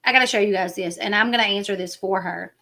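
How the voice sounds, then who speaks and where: A woman's voice: medium pitch, fast, bright, forceful tone. Chatty country-sounding woman host. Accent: Southern US. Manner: chatty, rambling, acts out quoted people. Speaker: YouTube commentary host. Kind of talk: casual livestream chat.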